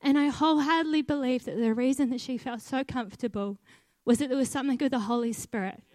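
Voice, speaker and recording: A woman's voice: high-pitched, fast talker, a little mellow, no echo. A young adult woman, earnestly telling a personal faith story about volunteering, with bits of laughter at herself. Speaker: volunteer team leader. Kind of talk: personal testimony.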